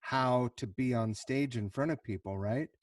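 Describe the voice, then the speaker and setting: A man's voice: medium pitch, moderate pace, no room sound, distant mic. A man hosting a podcast, asking long rambling questions in a friendly, self-deprecating way. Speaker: podcast host. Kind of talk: casual interview.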